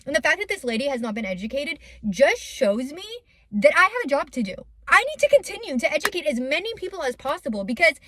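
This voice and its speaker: A young woman who runs a massage business tells a story in a chatty, animated way, with many fillers. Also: sits high, quick pace, no echo. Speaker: lymphatic massage business owner. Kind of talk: casual storytime vlog.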